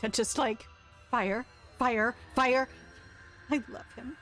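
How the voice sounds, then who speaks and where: A woman's voice: a little high, fairly even intonation, takes it slowly, fairly bright tone, faint music behind. A woman from Delaware streaming a story game live, reading aloud in a playful, chatty way and swearing freely. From Delaware, USA.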